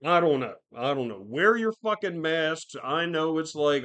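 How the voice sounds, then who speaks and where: A man's voice: on the high side, lively intonation, unhurried, a bit bright. A man hosting a podcast alone, rambling through casual commentary with constant swearing and fillers. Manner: profane, rambling, lots of fillers. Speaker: podcast host.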